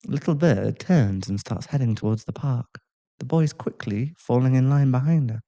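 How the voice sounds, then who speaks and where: A man narrating an audio role-play story in a calm, even way. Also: mid-range voice, normal speed.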